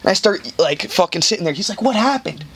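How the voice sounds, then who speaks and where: A young man hosts a casual podcast and tells a long, rambling story full of swearing. His voice sits a bit high, and he acts out the other people as he goes. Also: lively intonation, fast, a little hiss or hum. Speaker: podcast host.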